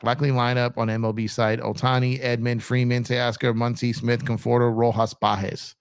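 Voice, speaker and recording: A man's voice: mid-range voice, level tone, normal speed, few pauses, smooth, no room sound, studio quality. A man hosting a casual sports livestream, talking in a laid-back, rambling way with lots of fillers and repeated phrases. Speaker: sports channel host.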